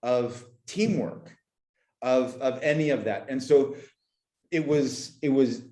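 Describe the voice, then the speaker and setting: A man's voice: medium pitch, slow pace, warm tone, echoey room. A man in his forties from Canada, a podcast guest talking reflectively and emotionally, often repeating words and restarting sentences, at times choked up. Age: 40s. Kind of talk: reflective conversational interview.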